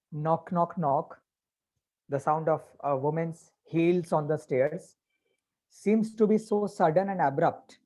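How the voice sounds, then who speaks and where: A man explaining a story to a class as their teacher, patiently and with pauses. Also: fairly high pitch, darkish tone. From India.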